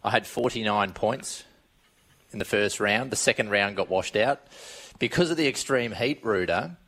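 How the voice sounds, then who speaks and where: An Australian man on a radio racing panel, chatting in a relaxed, laughing way. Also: fairly low pitch, moderate pace. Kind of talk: casual radio panel chat.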